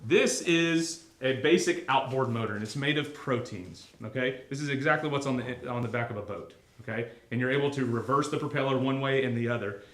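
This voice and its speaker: A man teaches a class in a casual, talkative way, asking his listeners questions as he goes. His voice sits at a middle pitch. The room is echoey. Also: a little fast, hardly any pauses. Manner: conversational, asks the class questions, many fillers. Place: classroom or church hall.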